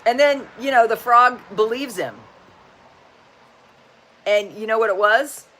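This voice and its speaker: A woman in her sixties hosts a laid-back livestream chat, upbeat and folksy, telling corny jokes and frequently saying "just saying." Her fairly high voice has a sharp tone and a measured pace, with a little hiss or hum in the audio.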